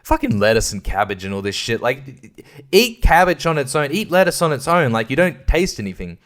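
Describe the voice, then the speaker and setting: A man's voice: medium pitch, very animated, fairly quick, fairly bright tone. An Australian man rants on his own podcast in an ordinary mid-range voice. He curses freely and wanders from point to point. He stumbles over words and restarts sentences as he goes. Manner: profane, rambling, stumbling restarts. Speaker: podcast host. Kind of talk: casual solo rant.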